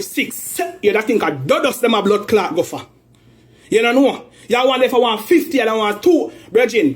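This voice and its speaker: A Jamaican man speaking in patois, airing an aggrieved, accusing rant about a family dispute. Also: high voice. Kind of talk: heated spoken rant in patois.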